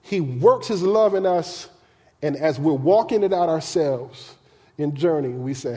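A male pastor preaching a sermon in a colloquial, animated way, acting out the voices of the people he talks about. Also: a little high, a little slow. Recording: long hall reverb.

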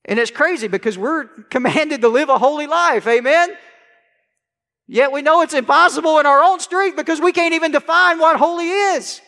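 A male pastor preaching a sermon to a congregation, swinging from quiet conversational asides to loud, rising proclamation. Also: extremely high pitch, normal speed. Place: church sanctuary. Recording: long church hall reverb.

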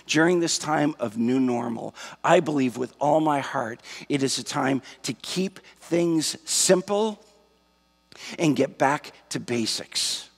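Male pastor, slow gravelly delivery, husky tone, reverberant sanctuary sound. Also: medium pitch. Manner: slow, emphatic preaching with repetition. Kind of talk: sermon. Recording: long hall reverb.

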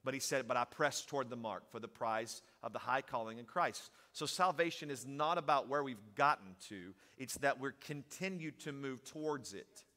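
A man preaching a sermon, moving from steady teaching to loud, emphatic preaching. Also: medium pitch, moderate pace, hardly any pauses, long reverb tail.

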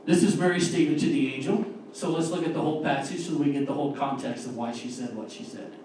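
A man preaching an earnest, emphatic sermon and reading scripture, slowing down to stress key words, recorded from a distance in a church. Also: mid-range voice, darkish tone, heavy reverb, a little hiss or hum. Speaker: lay preacher. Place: church sanctuary.

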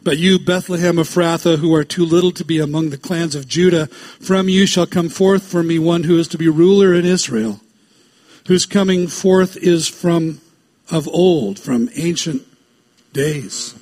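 A pastor delivers a sermon in a breathy, husky voice that sits slightly high for a man. He reads scripture aloud in slow, stressed phrases. Between the readings he breaks into brisk, chatty asides to the congregation. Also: darkish tone.

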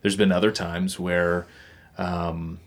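A man's voice: low-pitched, level tone, slow pace. A young man co-hosting a podcast, talking casually in a rambling, hesitant way with many restarts. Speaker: podcast co-host. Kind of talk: casual conversation.

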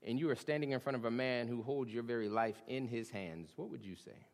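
Man preaching in an echoing hall. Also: fairly quick. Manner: dynamic preaching, swings from hushed to booming, says "y'all". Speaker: pastor. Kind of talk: sermon. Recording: long reverb of a large hall.

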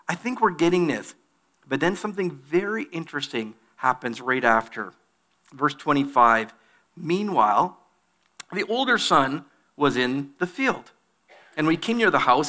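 Male pastor, bright tone, a touch high, reading scripture and preaching. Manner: reads scripture aloud, then preaches with animated put-on voices. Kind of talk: sermon.

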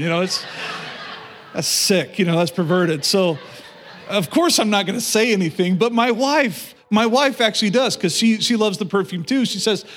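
A middle-aged man preaching a sermon, telling a personal story with animated delivery and speaking directly to his congregation. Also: sits high, moderate pace. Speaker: pastor.

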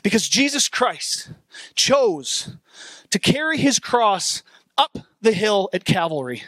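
A man's voice: high-pitched, sing-song, takes it slowly, a bit bright, dry recording. A young adult man preaching a sermon, reading scripture aloud and asking the congregation questions. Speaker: pastor.

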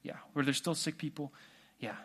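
A man preaching a sermon in a relaxed, conversational way, asking the congregation questions. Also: fairly high pitch, normal speed, slightly rough. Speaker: pastor.

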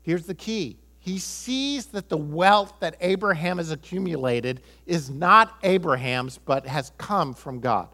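An American man in middle age preaches with emphasis, driving points home by saying them twice. His voice sits a little high for a man, and he slips in a chuckle and short asides. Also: expressive, unhurried, few pauses, sharp tone. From United States. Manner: emphatic, repeats key phrases, chuckles, quotes people in voices. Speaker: pastor. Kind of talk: sermon.

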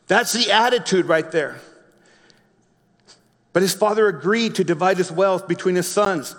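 A man preaching a sermon, reading a Bible story slowly and explaining it in his own words with frequent restarts. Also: high voice, fairly bright tone, big-room sound. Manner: reads scripture slowly, then explains with repeated restarts. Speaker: pastor.

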